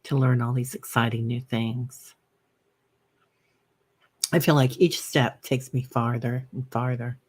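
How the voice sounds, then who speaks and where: A woman hosting a live meditation stream. She chats with viewers, reads out their comments with plenty of fillers, and guides the breathing with soft, slow cues. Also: very deep voice, steady tone. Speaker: meditation host.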